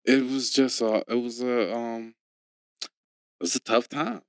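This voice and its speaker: A man's voice: medium pitch, fairly even intonation, measured pace, no room sound. A man hosting a podcast in casual chat, loose, joking, slangy and profane. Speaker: podcast host.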